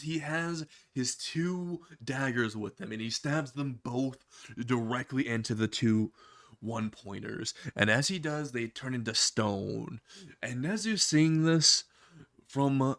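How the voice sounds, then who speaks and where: A man's voice: medium pitch, no room sound, clean studio sound. Man telling a profane comedy story. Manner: profane, laughs at his own jokes. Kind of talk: casual comedic narration.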